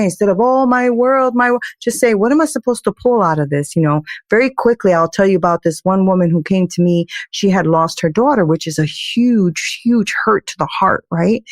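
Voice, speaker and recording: A woman's voice: lowish voice, darkish tone, no echo, studio quality. A woman guest on a podcast, a life coach, telling stories with emphatic, faith-filled energy. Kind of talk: casual podcast interview.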